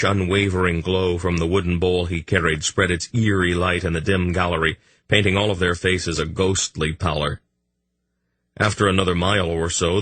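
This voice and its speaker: A man reading a fantasy audiobook in a measured, even storytelling manner. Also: sits low, no room sound. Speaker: audiobook narrator. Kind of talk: scripted fantasy narration.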